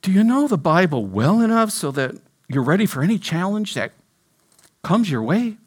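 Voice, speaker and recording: A man preaching a sermon as pastor, questioning his congregation directly and dropping low and soft when he quotes scripture. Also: big pitch swings, moderate pace, slightly rough.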